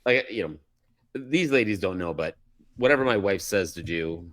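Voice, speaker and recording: A man co-hosts a casual podcast and jokes about himself. His voice is fairly low but jumps around in pitch, and the sound is dry and close. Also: animated, moderate pace, fairly bright tone, no echo. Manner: joking, self-deprecating. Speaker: podcast co-host. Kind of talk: casual group chat.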